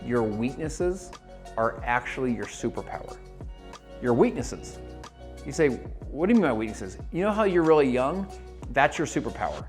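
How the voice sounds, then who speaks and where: Man, motivational network marketing coach, direct-to-camera, energetic, faint music under. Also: mid-range voice, moderate pace. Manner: energetic, talks straight to the viewer, full of quoted voices. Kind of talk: motivational video talk.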